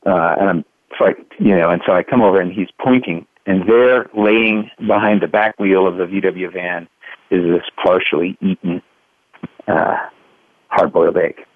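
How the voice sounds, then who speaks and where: A man's voice: low-pitched, moderate pace, dry recording. A man in his fifties from Kentucky, a guest author telling a family story in a radio interview and acting out the quoted lines. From Louisville, Kentucky, USA. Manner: animated storyteller, acts out quotes. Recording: dry, phone-like line.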